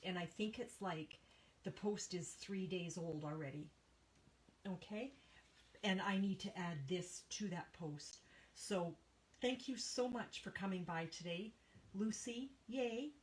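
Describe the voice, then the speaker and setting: A woman's voice: lowish voice, low-quality recording. A woman hosting a live papercraft stream from her home studio, chatting casually with viewers, reading out their names, with a tickle in her throat that makes her cough. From Canada. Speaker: papercraft livestream host.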